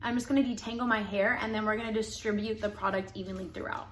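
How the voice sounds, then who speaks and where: A woman's voice: mid-range voice, fairly even intonation, fast, fairly bright tone. A young woman, chatting casually and bubbly to the camera in a lifestyle vlog. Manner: chatty, bubbly, laughs often. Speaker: lifestyle vlogger. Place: home, then outdoors.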